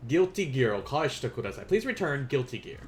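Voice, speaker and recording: Playful, lively man teaching a stream lesson. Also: mid-range voice, a little fast, background noise. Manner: playful, laughs often, chatty asides. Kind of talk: casual live-stream lesson.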